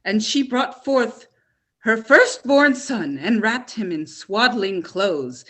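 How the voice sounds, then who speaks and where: A woman's voice: fairly high pitch, lively intonation, slow, a bit bright, heavily acted. A woman playing a pious, bossy mother who scolds and preaches at her daughter in an improvised stage comedy. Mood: scolding.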